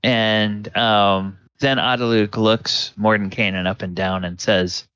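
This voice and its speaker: A man narrating as game master of a tabletop game, unhurried with many pauses. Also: fairly low pitch, fairly even intonation, sharp tone, clear, resonant tone, dry recording, highs cut off. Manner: unhurried, frequent ums and uhs.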